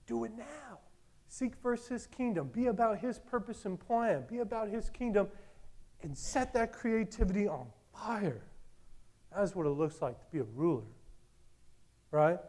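A man preaching with a high, light voice. He is animated and enthusiastic, jumping from loud whoops to low, earnest asides as he makes his point. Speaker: pastor. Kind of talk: sermon.

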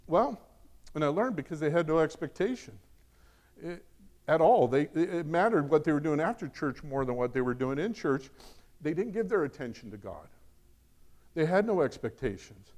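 A middle-aged man preaching a sermon in a fairly high voice. He is animated, pressing points loudly, then dropping into soft, confiding asides. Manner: animated, swings from loud emphasis to quiet asides. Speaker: pastor.

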